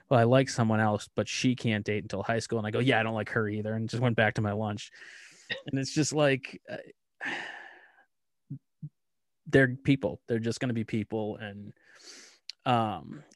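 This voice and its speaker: A man casually telling deadpan stories about his daughter, acting out both sides of the dialogue. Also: on the low side, no room sound, clean studio sound. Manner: deadpan storyteller who acts out dialogue. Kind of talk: casual chat.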